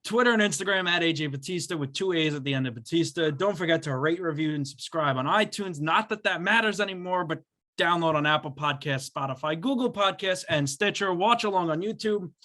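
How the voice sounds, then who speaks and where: A man's voice: on the high side, brisk, bright, forceful tone. A man co-hosting a podcast in casual chat, upbeat, laughing often and reading out the show plugs. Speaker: podcast co-host.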